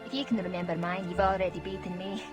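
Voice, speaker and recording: Guy doing a folksy, rambling drinking-woman with a higher voice, read aloud from a game, music playing behind. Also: fairly even intonation, fast talker, lightly acted. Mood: chummy. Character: scatterbrained woman who keeps a camp drinking.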